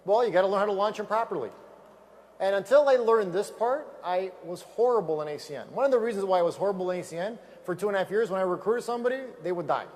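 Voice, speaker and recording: A man giving an energetic motivational speech at a sales event, emphatic and repetitive, telling stories from a stage microphone. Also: high voice, fast talker.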